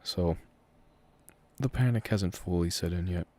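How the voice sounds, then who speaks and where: Low, mellow young man chatting casually. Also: a little slow. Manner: relaxed and rambling, answering chat with frequent hedges and fillers. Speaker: audio creator hosting a live Q&A. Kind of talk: casual live-stream chat. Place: room at home.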